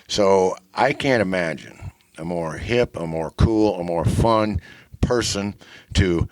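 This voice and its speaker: Deep-voiced man telling a rambling story. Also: slow pace, dry recording. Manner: rambling, many fillers, deadpan humor. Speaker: podcast host. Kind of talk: casual storytelling monologue.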